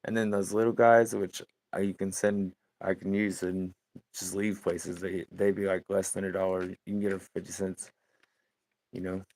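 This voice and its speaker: Deep gravelly man chatting while painting. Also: moderate pace. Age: 30s. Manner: relaxed, rambling, laughs easily. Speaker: livestreaming painter. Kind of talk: casual live-stream chat while painting.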